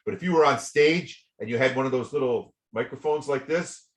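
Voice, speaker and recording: A man's voice: mid-range voice, fairly quick. A man teaching a voice lesson, giving chatty feedback full of repeated words and small sung and spoken demonstrations. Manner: chatty, repeats words, demonstrates by singing and speaking softly and loudly. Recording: roomy echo.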